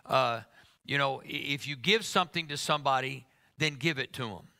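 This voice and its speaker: A man's voice: medium pitch, normal speed, vocal fry, pushed and bright. A middle-aged man preaching a sermon to a congregation, emphatic and humorous, teasing his listeners.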